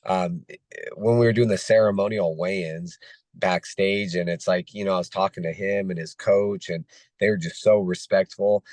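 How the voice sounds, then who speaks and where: Guest fighter, late thirties, voice nearly gone and hoarse, deep and halting with many fillers. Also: male voice, fairly even intonation, a little mellow, no room sound. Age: 30s. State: hoarse, losing his voice. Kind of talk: casual interview chat.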